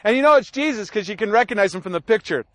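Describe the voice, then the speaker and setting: A man's voice: high voice, rapid-fire, no echo. A man preaching a sermon who tells stories and acts out both sides of family arguments. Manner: animated storytelling, acts out family dialogue. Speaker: pastor.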